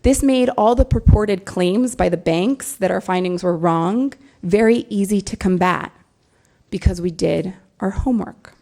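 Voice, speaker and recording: A woman giving an earnest, measured conference talk as a newsroom lawyer, stressing key words. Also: medium pitch, creaky, mellow. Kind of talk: prepared conference speech.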